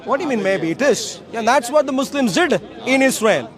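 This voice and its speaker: Very high-voiced man lecturing outdoors. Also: expressive, brisk, a crowd in the background. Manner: emphatic, repetitive, lecturing. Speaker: street speaker. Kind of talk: open-air debate speech to passersby. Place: outdoor public park.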